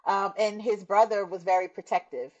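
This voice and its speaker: A middle-aged guest recounts her testimony at a moderate pace, her medium-pitched voice fairly even in intonation while the top frequencies are cut off. Her storytelling is earnest and warm, punctuated by laughter and reenacted dialogue.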